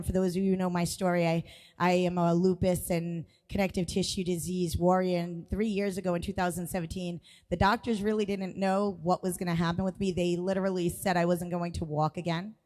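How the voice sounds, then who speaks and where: A woman's voice: lowish voice, a little mellow, in a large hall. A woman hosting a live music stream, chatting casually and rambling with frequent restarts.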